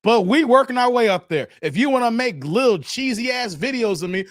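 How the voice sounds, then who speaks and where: Very high-pitched and animated, the man talks at a brisk clip, with no room sound and a clean studio quality. He's running a casual live stream, loosely answering viewers' comments, often throwing in "man," and pushing back at critics in a brash, defiant way.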